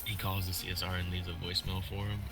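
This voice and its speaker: A man in voice chat telling animated, profane stories that are full of repeated words. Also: deep voice, fast. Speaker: gamer in voice chat. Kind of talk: casual storytelling. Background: game music.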